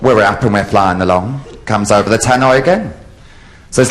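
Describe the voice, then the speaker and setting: A man in drag, telling bawdy stand-up jokes on a theatre stage with brash, lively delivery. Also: on the low side, normal speed. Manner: brash, lively storytelling with sudden loud outbursts. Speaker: drag comedian. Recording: live theatre audience, faint hiss.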